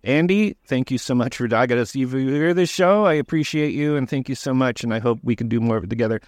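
A man, a documentary director, answering interview questions in a casual, halting way, with frequent restarts and fillers. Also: mid-range voice, dry recording, studio quality.

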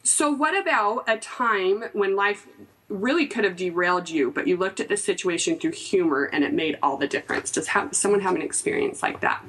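A woman in her thirties hosting a casual chat, telling a story with lively energy, laughing and acting out what people said. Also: mid-range voice, normal speed, rough recording. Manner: animated storyteller, laughs often, acts out quotes. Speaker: podcast host.

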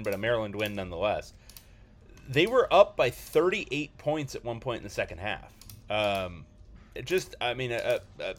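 A man's voice: mid-range voice, fairly bright tone. A man hosting a casual sports podcast, talking loosely with lots of ums and restarts. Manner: hesitant, many ums and restarts.

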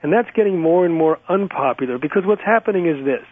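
A man's voice: on the high side, lively intonation. A man speaking as a guest in a radio interview, insistent and packed with facts. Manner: rapid, insistent, fact-heavy. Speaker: guest activist. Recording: phone line, dry.

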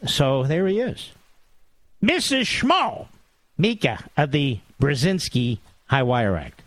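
A man's voice: medium pitch, sing-song, a little slow, no room sound. A man hosting a talk radio monologue, sarcastic and mocking, with big theatrical swings in tone.

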